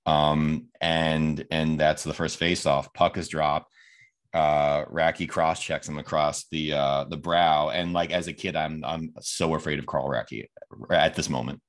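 A podcast host from Phoenix, Arizona, chats casually about a film, retelling its scenes in a rambling way. He has a bass voice with flat delivery and a measured pace.

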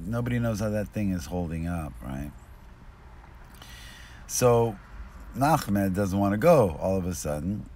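A man telling a rambling joke outdoors on a street, losing his thread and swinging between mutters and bursts of loudness, recorded binaurally. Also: deep voice, animated, measured pace, pauses often. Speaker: street storyteller.

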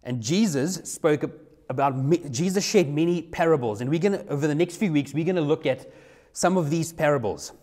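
A man's voice: on the high side, a little fast, a little mellow. A young man, a youth pastor telling a personal story in a sermon, conversational and repeating himself. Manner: conversational, repeats himself, acts out his own quoted lines.

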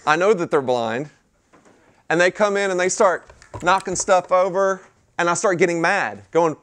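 A man preaching a sermon at a mission chapel, talking in a conversational way with sudden loud bursts and hushed asides. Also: high-pitched, big pitch swings, moderate pace. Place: mission chapel with a live audience.

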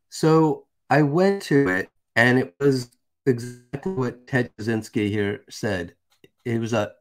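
A man of middle pitch reads a document aloud for his channel. He keeps stopping to add casual, rambling commentary in an amused tone. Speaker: channel host.

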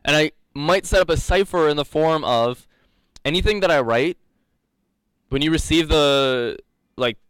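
A man's voice: fairly high pitch, a little slow, fairly bright tone, clean tone, dry recording. A young man teaching a live coding lecture, rambling and joking, laughing often. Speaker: coding instructor.

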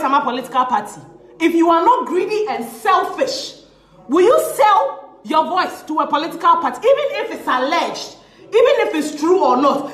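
Indignant high-pitched Ghanaian woman ranting. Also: fairly bright tone, reverberant. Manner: indignant, scornful, laughing as she speaks. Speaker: social commentator. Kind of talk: impassioned rant.

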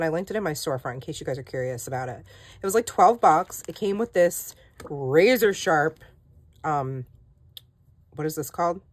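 Low-voiced chatty woman hosting a haul vlog. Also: dry recording. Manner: chatty and self-deprecating, with many "like"s and "um"s. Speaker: planner channel host.

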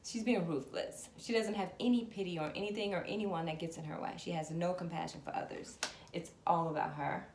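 A woman's voice: on the low side, fairly even intonation, fairly quick, darkish tone. A woman giving a casual tarot reading to camera, chatting straight to her viewers and calling on spirit. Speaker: tarot reader. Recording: echoey room with background noise.

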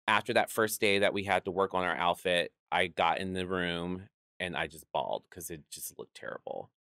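A man who works as a drag performer, telling lively stories in a studio interview, acting out other people's voices and laughing often. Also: low-pitched, smooth, no echo. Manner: animated, acts out quoted voices, laughs often. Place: podcast studio.

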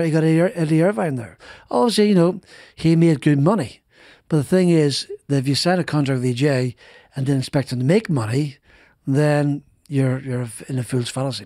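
A middle-aged man, a former racing driver, tells his stories in a loose, rambling way, stumbling over restarts and repeating himself. His voice sits at an ordinary pitch. It is recorded close on a dry studio podcast mic. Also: warm tone, dry recording. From Northern Ireland. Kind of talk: casual interview storytelling.

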